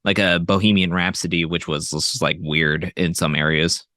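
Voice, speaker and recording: A man with a low, steady voice talks at a moderate pace, his tone pushed and bright. Guest co-hosting a casual movie review podcast, he hesitates often, using many fillers and restarts. The recording is dry and studio quality.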